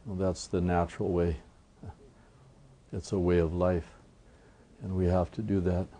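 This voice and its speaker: A man telling a traditional story as a teaching, in an unhurried, reflective way with many asides. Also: sits low, level tone, dark tone. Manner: unhurried, reflective, frequent "you know".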